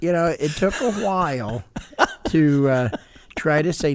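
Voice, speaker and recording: A man's voice: on the high side, measured pace, no echo. An older man, a pastor co-hosting a podcast, explaining in casual chat and acting out quotes. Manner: explains with acted-out quotes, animated.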